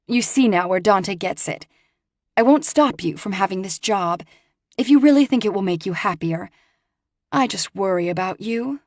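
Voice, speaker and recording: A woman voicing a proud, loving matriarch in an audiobook, cool and measured with a cutting edge. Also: medium pitch, lively intonation, no echo, studio quality. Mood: tender. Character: proud loving matriarch, haughty when crossed. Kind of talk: audiobook character reading.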